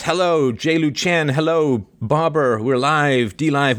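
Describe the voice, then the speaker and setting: A man hosting a livestream, chatting playfully, joking and laughing as he reads out viewer greetings. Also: unhurried. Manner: animated, jumps between high and low pitch. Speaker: host.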